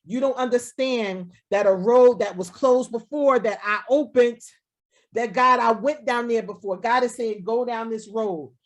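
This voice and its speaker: Woman pastor, slightly high voice, repetitive preaching, video call audio. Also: a little slow. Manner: preaching with repetition, voicing God in first person. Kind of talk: sermon.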